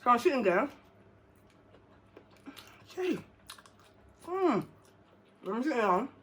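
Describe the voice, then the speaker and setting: A young woman, telling a personal story to camera in a casual, animated way, laughing and acting out what people said. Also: a little high, slow, a little hiss or hum. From England. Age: young adult. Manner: animated, slangy, laughs often, acts out dialogue. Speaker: vlogger.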